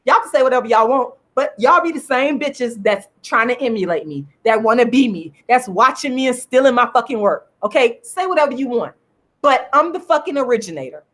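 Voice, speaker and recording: Heated and profane, a middle-aged online commentator vlogs straight to camera, hammering the same points over and over with emphasis. She speaks a little fast in a slightly high, bright and expressive voice.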